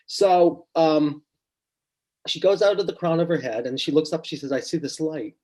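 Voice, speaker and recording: Husky middle-aged man telling a story. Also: a little high, moderate pace. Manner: animated, acts out quotes with rising intensity. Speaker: psychotherapist guest. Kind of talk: storytelling in a podcast interview.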